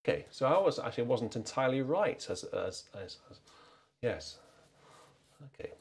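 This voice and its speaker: A man's voice: medium pitch, big pitch swings, moderate pace, breathy edge. A man from the north of England hosting a casual livestream from an organ, reading viewer comments and chatting to himself while he picks out stops. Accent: English, mild Northern trace. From North Derbyshire and South Yorkshire, England. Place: church with organ.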